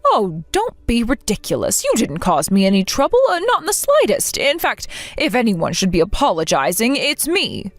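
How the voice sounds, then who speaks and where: A woman voicing a gentle, resilient middle-aged mother who speaks soothingly and reassuringly, in a dramatized text story. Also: on the high side, wildly swooping pitch, moderate pace, hardly any pauses, no room sound, soft background music, full character voice.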